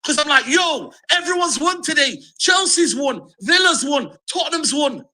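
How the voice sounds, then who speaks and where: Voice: sits high, expressive, moderate pace, pushed and bright, rough recording. A football fan in a ranting video clip, speaking in an emphatic, repetitive, frustrated way.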